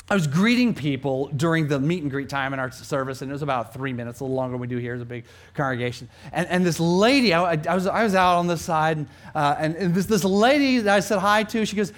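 A middle-aged man preaching a sermon as pastor, swinging between loud emphatic lines and quiet asides. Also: fairly high pitch, lively intonation, a little fast.

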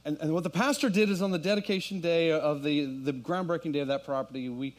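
Here a middle-aged pastor talks fast in a slightly high voice, addressing his congregation in the church sanctuary. What begins as a story rises into a fervent sermon.

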